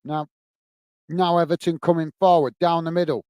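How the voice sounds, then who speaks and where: A man's voice: on the high side, little pitch movement, normal speed, darkish tone, clear, resonant tone, no room sound. A man hosting a football watch-along stream, giving friendly play-by-play and chatting with viewers as he goes. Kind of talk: live match commentary while greeting chat viewers.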